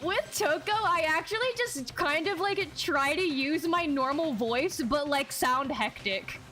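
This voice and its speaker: A woman's voice: high voice, lively intonation, measured pace, pushed and bright, soft background music. A woman giving casual, playful gameplay commentary, laughing often and swearing casually. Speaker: let's play streamer.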